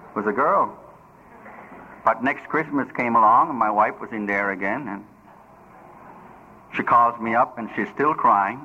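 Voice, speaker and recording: A man's voice: mid-range voice, measured pace, pauses often. An older man telling his personal story at a recovery meeting, humorous and plain-spoken with broken grammar. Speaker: recovery speaker. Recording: dull lo-fi recording with faint noise.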